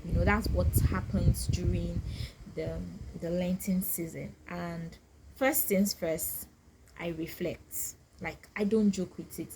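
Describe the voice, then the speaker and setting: A woman speaks slowly and softly in a lowish voice, pausing often and circling back on her words as she reflects aloud for her viewers. Faint ambient noise sits under her casual vlog talk. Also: fairly even intonation. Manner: slow, soft-spoken, thoughtful, with many pauses and restarts. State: getting teary and emotional. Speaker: vlogger.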